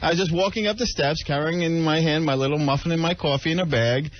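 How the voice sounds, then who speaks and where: A man's voice: a little high, fast. A man, a radio show producer, explaining himself sheepishly and at length in casual on-air banter. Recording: lo-fi radio broadcast.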